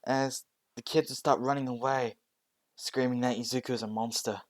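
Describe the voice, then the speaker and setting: A man's voice: mid-range voice, fairly even intonation, normal speed, no room sound. A man narrating a fan story casually, hesitant, often restarting with fillers.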